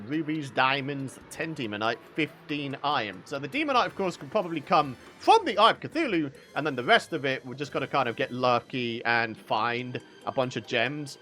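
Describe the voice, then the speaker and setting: A man hosting a gaming video, giving excitable let's-play commentary, talking to himself and breaking into loud outbursts and laughs. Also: high voice.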